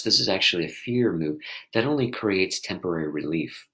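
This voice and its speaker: A man talking gently as a mindfulness teacher, leading listeners through a reflective exercise and often restarting his sentences as he searches for words. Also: deep voice, animated, fairly quick, rough recording. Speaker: mindfulness teacher and podcast host.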